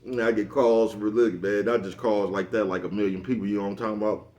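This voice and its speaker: Fast-talking low-voiced man rambling. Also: fairly even intonation, a little mellow. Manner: rambling, repeats "you know what I'm talking about"; laughs at his own jokes. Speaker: vlogger. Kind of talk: casual monologue.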